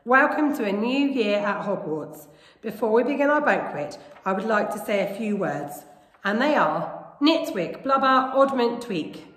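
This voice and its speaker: A woman's voice: on the high side, expressive, a little slow, fairly bright tone. A woman reading a genial old wizard headmaster. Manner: genial, whimsical welcome. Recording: echoey room with long reverb.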